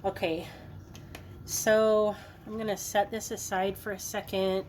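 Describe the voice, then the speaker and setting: A woman's voice: medium pitch, flat delivery, unhurried, darkish tone, a little hiss or hum. A woman hosting a cooking video, chatting casually in a playful, joking way while she works in her home kitchen. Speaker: cooking vlogger.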